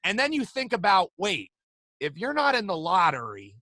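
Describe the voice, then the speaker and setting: Man, co-host, excitable, loud, high bright voice, dry sound. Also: moderate pace, no room sound. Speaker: podcast co-host. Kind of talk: casual sports podcast chat.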